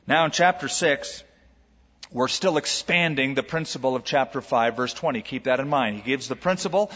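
A man preaching a sermon to a congregation, animated, stretching out key words and putting rhetorical questions to the listeners. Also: mid-range voice, moderate pace. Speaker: pastor. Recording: long hall reverb, dull lo-fi sound.

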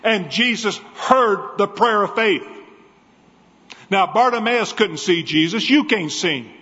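Preacher guy, kinda high voice, passionate storytelling, dull echoey hall sound. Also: animated, measured pace, bright, forceful tone. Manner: impassioned storytelling. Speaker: evangelist preacher. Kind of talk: sermon.

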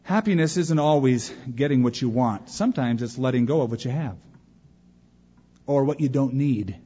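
Husky animated man preaching in a hall. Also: mid-range voice, normal speed. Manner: animated storyteller who acts out quoted voices. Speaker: pastor. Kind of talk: sermon. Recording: dull recording with long hall reverb.

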